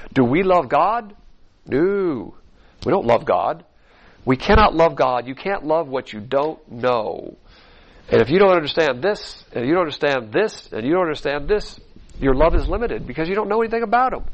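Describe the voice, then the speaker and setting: Male preacher, mid-pitched, blunt and folksy, animated delivery from the pulpit. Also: poor audio. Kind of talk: sermon.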